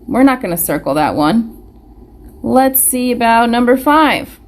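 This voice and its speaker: Slow, encouraging woman teacher. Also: fairly high pitch, lively intonation. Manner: encouraging, asks questions and answers them herself, sounds out letters slowly. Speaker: preschool teacher. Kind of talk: live online phonics lesson for young children. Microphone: webcam or phone camera.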